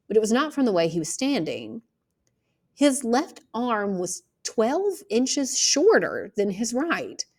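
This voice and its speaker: A woman reading a novel aloud in a steady, even narration. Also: medium pitch. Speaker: audiobook reader.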